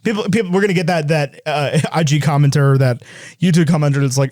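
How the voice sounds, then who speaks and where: A man's voice: fairly high pitch, darkish tone, dry recording. Male podcast co-host, chatty and rambling, recorded close and dry. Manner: fast, rambling, laughs while telling stories. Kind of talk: casual chat.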